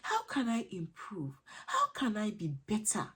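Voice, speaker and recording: Lady coaching parents, preachy n repeats herself, kinda husky, voice goes up and down a lot. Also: mid-range voice, wildly swooping pitch, measured pace, fairly bright tone. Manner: repetitive, emphatic, preachy. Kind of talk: earnest parenting advice talk.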